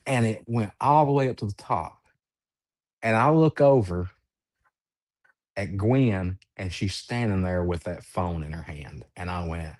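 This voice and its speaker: A man with a drawl tells his story at an unhurried, deliberate pace. His voice sits on the low side, and he leans hard on key words, stretching them out for emphasis. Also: a little mellow. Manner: drawn-out, emphatic storytelling with whooping imitations. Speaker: guest. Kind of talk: storytelling in casual chat.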